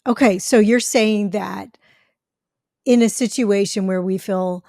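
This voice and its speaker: A woman's voice: mid-range voice, fairly even intonation, slow, creaky, dark tone, no room sound, studio quality. Chatty woman host sharing anecdotes. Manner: chatty, tells personal anecdotes with quoted dialogue. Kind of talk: conversational interview.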